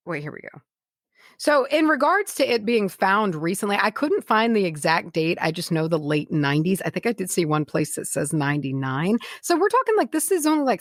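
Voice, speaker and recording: A woman co-hosting a podcast in loose, casual chat, rambling with plenty of fillers. Her voice sits at an ordinary pitch and sounds close and dry. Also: no echo. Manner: rambling, full of "like" and restarts. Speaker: podcast co-host.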